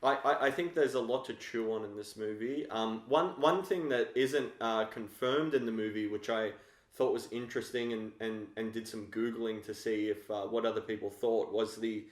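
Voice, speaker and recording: A man co-hosting a podcast, speaking in a measured, hesitant way about a film and stumbling over his starts. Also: lowish voice, steady tone. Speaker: podcast co-host. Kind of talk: casual film discussion. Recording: echoey room.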